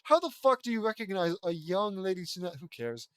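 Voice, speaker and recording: A man's voice: high-pitched, big pitch swings, brisk, clear, resonant tone, no echo. A man reading a fan fiction story aloud, breaking off into sarcastic, swearing asides. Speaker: audiobook reader.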